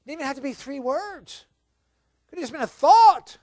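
A male preacher delivering a sermon with a high, lively voice that leaps between near-whispers and fervent shouts. The sound is dry and close, with no room behind it. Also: brisk, no room sound. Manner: swings from shouting to hushed, dramatic.

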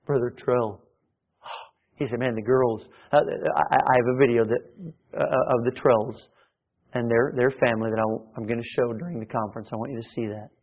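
A man's voice: medium pitch, fairly even intonation, fairly quick, gravelly. Tinny-sounding preacher man. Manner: preaching with sudden swells in volume and many restarts. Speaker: pastor. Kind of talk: sermon.

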